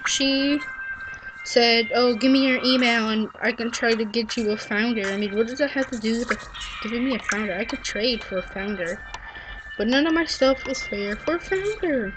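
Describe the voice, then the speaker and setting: Rambling young girl over loud game music. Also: on the high side, moderate pace, poor audio. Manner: rambling, self-mocking, easily sidetracked. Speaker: game vlogger. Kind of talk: casual gameplay commentary.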